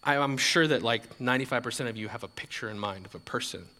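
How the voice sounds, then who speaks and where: A man's voice: mid-range voice, fast, sharp tone, big-room sound. A male pastor giving a conversational sermon, often repeating words and adding light laughs.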